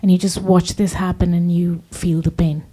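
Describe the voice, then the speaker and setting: A woman's voice: on the low side, flat delivery, normal speed, dark tone, rough recording. A woman in the audience asks a question, thinking aloud tentatively. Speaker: audience member asking a question.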